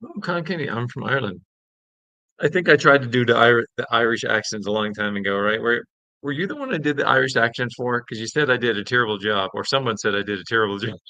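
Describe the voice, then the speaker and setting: A man's voice: medium pitch, fast talker, bright, forceful tone, no room sound. A man hosting a casual live-stream chat, reading viewer comments aloud and laughing. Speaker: podcast host.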